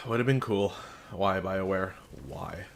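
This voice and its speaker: A man with a remarkably deep, gravelly voice that's fairly bright in tone reviews a video game slowly and casually, being frank and sarcastic with dry jokes. A slight hiss or hum sits in the recording.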